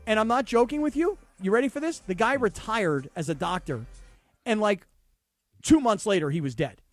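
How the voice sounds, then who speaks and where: Animated man telling a story, high lively voice. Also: normal speed, no room sound. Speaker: radio sports show host. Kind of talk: radio talk show chat.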